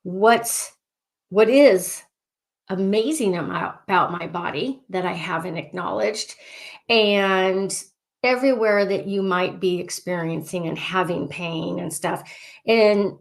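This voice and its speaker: An excitable woman coaching a group in a loose, casual way. She circles back and repeats her phrases and clearing statements, stopping herself mid-thought to start again. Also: medium pitch. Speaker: life coach. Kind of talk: coaching session, casual and repetitive.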